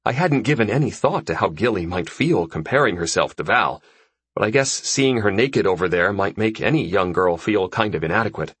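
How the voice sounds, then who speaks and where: Man, audiobook narrator, first-person, expressive, low voice, lively pitch. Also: brisk, slightly rough, no echo.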